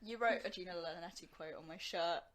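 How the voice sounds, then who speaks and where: A woman's voice: fairly low pitch, a little fast, a bit bright. A young woman from England co-hosting a casual podcast, giggly and enthusiastic. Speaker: podcast co-host. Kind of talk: casual chat.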